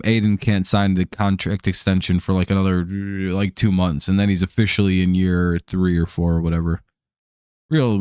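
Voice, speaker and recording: An American man calls plays and rambles casually through a live stream, swearing and filling gaps with "like" and "um". His voice sits on the low side. The sound is dry and close, with almost no room echo. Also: darkish tone, clear, resonant tone. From United States. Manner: rambling, profane, heavy on fillers. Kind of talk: casual chat over a live baseball game.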